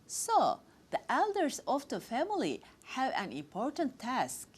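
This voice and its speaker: A woman hosting a talk, reading prepared formal remarks in a measured, list-like way. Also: high-pitched, wildly swooping pitch, breathy edge. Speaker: host.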